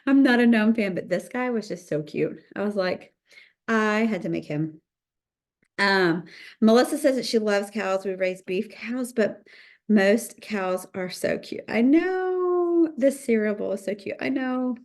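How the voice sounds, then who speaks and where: A woman's voice: medium pitch, unhurried. A middle-aged woman, chatting bubbly and casual as she hosts a livestream cookie decorating lesson and greets viewers by name. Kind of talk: livestream tutorial chat.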